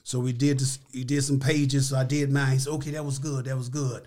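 An older man telling stories as a podcast interview guest, emphatic and animated, acting out the voices of people he quotes. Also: medium pitch, brisk. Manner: emphatic, repeats key words.

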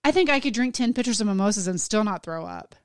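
A woman's voice: medium pitch, animated, fast talker, no room sound, clean studio sound. Blunt, teasing woman co-host. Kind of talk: casual chat. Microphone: headset.

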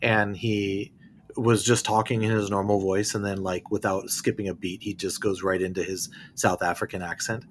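A man's voice: lowish voice, flat delivery, normal speed. A middle-aged man hosting a podcast, easygoing and prompting others with questions in casual chat. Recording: faint background hiss.

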